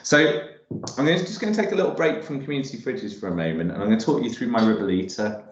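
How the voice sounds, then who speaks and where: A man's voice: medium pitch, lively intonation, fast. A man hosting an online cooking workshop, talking casually and rambling with many ums and restarts while he cooks in a home kitchen on a video call. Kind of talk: casual live cooking demo talk. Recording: roomy, dull video call audio.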